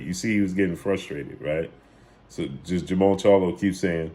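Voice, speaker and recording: A man's voice: low voice, moderate pace, a little mellow. A man hosting a sports channel, casually retelling and commenting on boxing clips with emphatic repetition.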